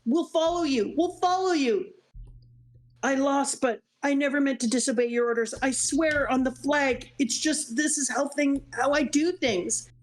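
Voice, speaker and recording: A woman's voice: high-pitched, measured pace, voice pushed up. A woman voicing a desperate young male pirate pleading to his boss.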